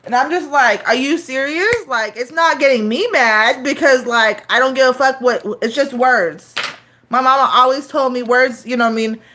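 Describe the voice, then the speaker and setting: Chatty, profane woman streamer, slightly high. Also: normal speed, sharp tone, slight background noise. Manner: loose, profane, rambling with many fillers. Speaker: live streamer. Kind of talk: casual live-stream chat.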